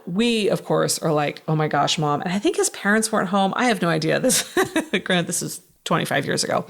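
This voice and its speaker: A woman's voice: lowish voice, creaky. A woman in her thirties hosting a podcast, chatting casually and telling a story with lots of fillers and laughs. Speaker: podcast host. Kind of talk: casual chat.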